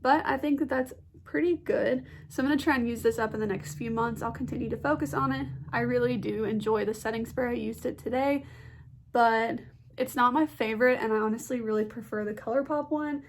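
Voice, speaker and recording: A woman's voice: a little high, a little fast, a little hiss or hum. A young woman chatting casually about beauty products she has used up, her voice nasal and stuffy from a blocked nose, with lots of "like" fillers. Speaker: beauty vlogger.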